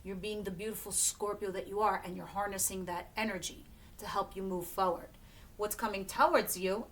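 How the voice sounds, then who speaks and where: A woman's voice: medium pitch, steady tone, moderate pace, a bit bright. A woman giving a casual tarot reading to camera, chatty and emphatic, swearing freely and often laughing. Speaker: tarot reader.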